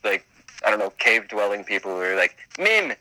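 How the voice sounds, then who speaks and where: A man co-hosting a casual podcast chat. He jokes, swears and slips into quick silly voices. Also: fairly low pitch, level tone, sharp tone, rough recording. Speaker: podcast co-host.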